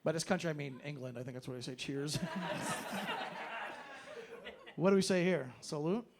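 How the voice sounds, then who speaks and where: A man's voice: fairly high pitch, normal speed, crowd noise, noisy background. A man doing a stand-up set in a club, ranting sarcastically and swearing freely. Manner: loose, profane, sarcastic ranting. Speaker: stand-up comedian. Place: comedy club stage.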